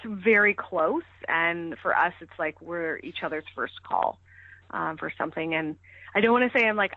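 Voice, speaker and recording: A woman's voice: lowish voice, dry recording. Woman chatting on a podcast, lots of "you know"s, sounds like a phone call, dead dry. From Canada. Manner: chatty, full of fillers and restarts. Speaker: podcast guest, ski coach. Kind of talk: casual interview chat. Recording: tinny phone-like line, dry.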